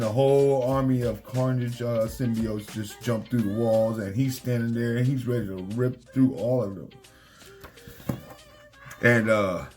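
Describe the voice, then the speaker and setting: Excited man recapping comics over music. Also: lowish voice. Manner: excited, retells scenes acting out characters' lines. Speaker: comic book reviewer.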